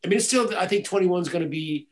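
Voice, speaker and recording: Man, guest musician, casual interview, rambling storyteller, restarts, lively. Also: sits high, fast talker, rough recording. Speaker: guitarist and music director, guest.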